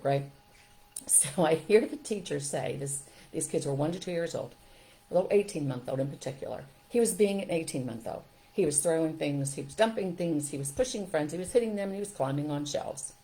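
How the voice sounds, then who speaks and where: An older woman hosting a parenting show, telling stories to her listeners in a casual, emphatic way. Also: low-pitched. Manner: storytelling, emphatic, expressive.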